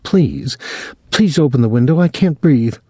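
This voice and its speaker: A frightened young woman pleads in a breathless, raised voice, as a male narrator puts her on. The voice sits higher than his usual reading and swings widely in pitch. The recording is close and dry. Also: very animated, normal speed, warm tone, dry recording. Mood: pleading.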